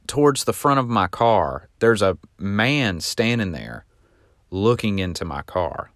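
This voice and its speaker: A man hosting a podcast, telling a long personal story in a casual, rambling way and getting animated when he reenacts what people shouted. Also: on the low side, measured pace, no room sound, studio quality. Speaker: podcast host.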